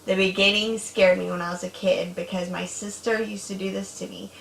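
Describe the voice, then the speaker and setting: Host: animated woman in her thirties, mid-pitched, chatty, recorded in an echoey room. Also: fairly quick, vocal fry, a little hiss or hum. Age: 30s. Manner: chatty, animated, with sudden loud bursts when she acts out stories. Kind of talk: casual chat.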